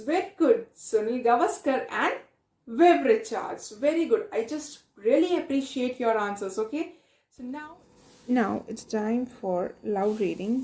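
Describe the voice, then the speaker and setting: A woman's voice: on the high side, reverberant. A woman teaching a reading lesson in English with a South Asian accent, repeating her questions and praising answers.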